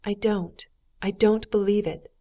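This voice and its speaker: A woman's voice: mid-range voice, fairly even intonation, unhurried, mellow, natural voice. A woman voicing a distressed noblewoman pleading for her friend in an audiobook, earnest and lifted in tone. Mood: distraught. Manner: earnest, pleading, raised and tearful. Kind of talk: audiobook character reading.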